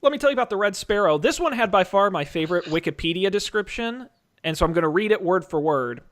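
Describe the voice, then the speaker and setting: A man's voice: high voice, expressive, fairly bright tone. A man hosting a casual podcast, calling out bids like an auctioneer and joking along the way. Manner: joking, quick auctioneer patter. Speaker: podcast host running a movie draft auction.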